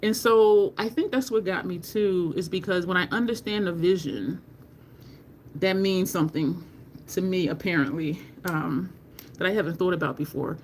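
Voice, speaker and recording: Slow, rambling woman chatting to live viewers. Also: on the low side, a little hiss or hum. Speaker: makeup livestream host. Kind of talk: casual livestream chat.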